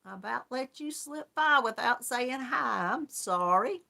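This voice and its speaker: A woman's voice: on the high side, animated, unhurried, creaky, pushed and bright. A woman hosting a casual live-stream chat, greeting viewers one by one and laughing often. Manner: chatty, friendly, laughs often. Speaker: yarn crafts channel host.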